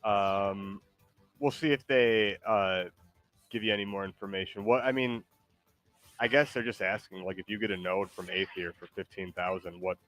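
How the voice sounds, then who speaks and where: A man's voice: on the low side, steady tone, moderate pace, a bit bright, soft background music. A man hosting a stream in casual chat, laid-back and hesitant, laughing often and reading chat messages aloud.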